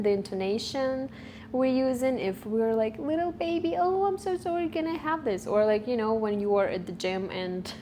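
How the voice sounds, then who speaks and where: This is a woman in her twenties talking straight to her camera in a vlog. She takes her time and reflects aloud, searching for words between fillers. Her pitch sits mid-range, and a faint background noise runs under her voice. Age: 20s. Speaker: vlogger. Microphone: camera recording.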